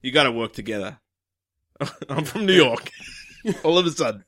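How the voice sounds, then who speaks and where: A man improvising a gruff, blustering police chief who barks crude threats at his detectives. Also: mid-range voice, expressive, normal speed, fairly bright tone, close to an everyday voice. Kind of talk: improvised comedy role-play.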